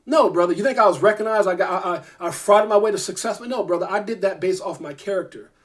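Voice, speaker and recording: A man, a crypto YouTuber, ranting to camera, irritated, emphatic and repetitive. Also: high voice. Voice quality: fast, emphatic, repeats himself. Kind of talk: heated rant to camera.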